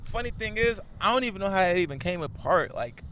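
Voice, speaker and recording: A young man from Kansas City, a podcast guest chatting casually in fast slangy talk, breaking into sudden high-pitched shouts. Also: animated, a little hiss or hum. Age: young adult. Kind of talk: casual chat.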